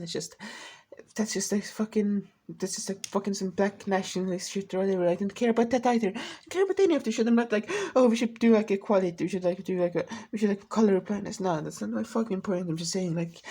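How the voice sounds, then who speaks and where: A woman's voice: mid-range voice, warm tone, husky. A woman vlogger in a rambling, profane rant, full of restarts and asides. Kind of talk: casual ranting commentary.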